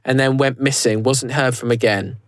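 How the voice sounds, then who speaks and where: A British man co-hosting a podcast, talking in a loose, rambling way and often breaking off to restart a sentence. His voice is mid-pitched and sounds close and dry, with little room around it. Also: fairly even intonation, normal speed, no echo. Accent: British English. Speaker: podcast co-host. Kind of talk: casual podcast chat. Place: recorded live in a converted prison.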